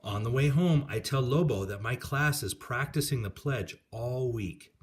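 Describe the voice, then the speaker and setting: A man calmly reading a children's picture book aloud. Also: medium pitch, a little slow.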